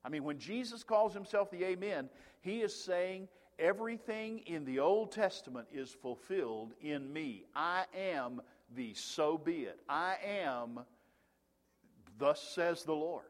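A man's voice: a little high, expressive, a little slow. A man preaching a sermon as pastor of a large church, talking conversationally with asides and fillers. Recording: long reverb of a large hall.

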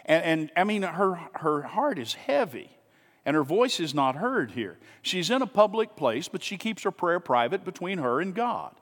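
Animated preaching man in a reverberant church. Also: high-pitched, normal speed. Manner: animated, conversational preaching with rhetorical questions. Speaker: pastor. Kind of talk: sermon. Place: church sanctuary.

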